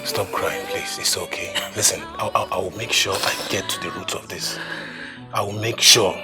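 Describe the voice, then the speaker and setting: A man's voice: low voice, normal speed, lightly acted. An actor with a Nigerian accent playing a young man who pleads and reassures in a film drama, with music underneath. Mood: soothing. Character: soothing young Nigerian man, caring son.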